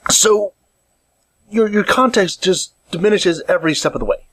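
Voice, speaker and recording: A man's voice: high-pitched, lively intonation, normal speed, a bit bright, dry recording. A man talking alone into a mic at home, rambling and restarting often while he gestures as he speaks. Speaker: podcast host. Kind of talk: casual solo monologue. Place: home room, seated in chair. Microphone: condenser with improvised pop filter.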